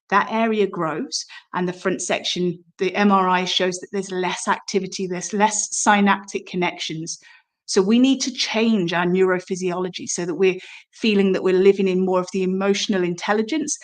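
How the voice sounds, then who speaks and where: A woman teaching somatic movement, explaining calmly and drawing the listener in with rhetorical questions. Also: medium pitch.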